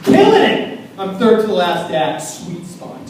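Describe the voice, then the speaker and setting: A man from small-town Maine doing a loud, self-deprecating stand-up set on a club stage, yelling his punchlines. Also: high-pitched, huge pitch swings, a little slow, noisy background. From small town in Maine, USA. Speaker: stand-up comedian. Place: comedy club stage in a large room. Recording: echoey club room from far off, audience crowd.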